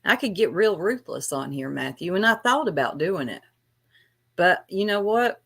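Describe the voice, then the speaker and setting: A woman's voice: on the low side, expressive, normal speed, gravelly, fairly bright tone, husky. A woman vlogger ranting on a livestream in a taunting, sarcastic way. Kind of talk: livestream rant.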